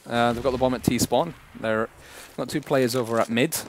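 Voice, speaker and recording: A man calls a competitive shooter match live at a quick clip. His voice climbs and gets louder when the fighting starts. Game gunfire and clicks run faintly underneath. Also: mid-range voice, noisy background. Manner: excitable, voice jumps up during fights. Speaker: esports commentator. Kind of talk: live play-by-play commentary.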